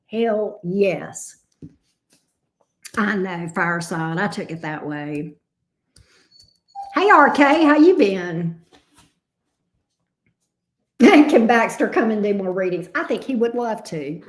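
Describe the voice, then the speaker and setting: A woman in her fifties hosting a livestream as a tarot reader, chatting casually with viewers, blunt and profane, laughing easily. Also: medium pitch. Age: 50s. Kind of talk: casual livestream chat reading viewer comments.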